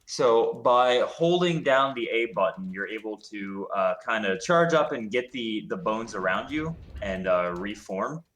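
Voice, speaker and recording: A man's voice: fairly low pitch, lively intonation, unhurried, hardly any pauses, fairly bright tone. A man commentating a game stream, explaining the mechanics in a hesitant, explanatory way.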